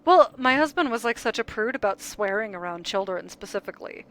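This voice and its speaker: A young mother co-hosting a casual chat, telling lively stories and acting out the quotes. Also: medium pitch, a little fast, poor audio. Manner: lively storyteller, acts out quotes. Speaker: podcast co-host.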